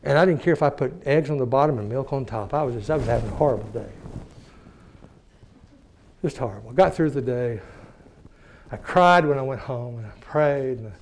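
A middle-aged man from Texas, preaching as a lively storyteller who chuckles often and acts out the people he quotes. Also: medium pitch, fairly quick, long pauses, slight background noise. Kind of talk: sermon testimony storytelling.

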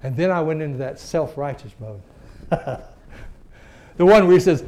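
A middle-aged man from Texas, preaching as a lively storyteller who chuckles often and acts out the people he quotes. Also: a little high, normal speed, long pauses, a little hiss or hum. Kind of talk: sermon testimony storytelling.

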